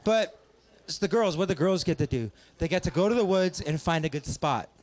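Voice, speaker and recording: A man with a fairly high voice works through a stand-up set on a small pub stage. He keeps things wry and deadpan, tossing quick asides to the crowd between jokes. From Ontario, Canada. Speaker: stand-up comic.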